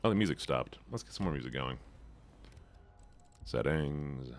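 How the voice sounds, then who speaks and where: A male streamer chatting casually while he plays, thinking out loud and replying to his chat. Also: extremely low pitch, animated, normal speed, soft background music.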